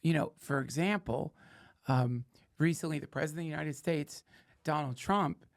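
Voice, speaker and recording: A man's voice: on the high side, moderate pace, creaky. A man hosting a podcast, riffing in a sardonic, profane, rambling comedic monologue. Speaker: podcast host.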